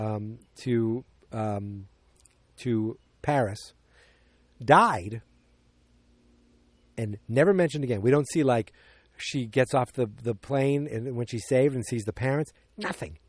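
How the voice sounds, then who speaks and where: A man of medium pitch hosts a podcast, casually recapping a movie without any echo on the recording. He rambles, loses track of where he was, and acts out snippets of dialogue in quick voices.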